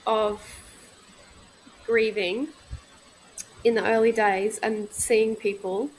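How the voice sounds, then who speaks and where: A woman in her thirties talking candidly in a casual podcast conversation, reflective and halting, often restarting her sentences. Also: medium pitch, level tone, breathy edge, rough recording. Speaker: guest, midwife.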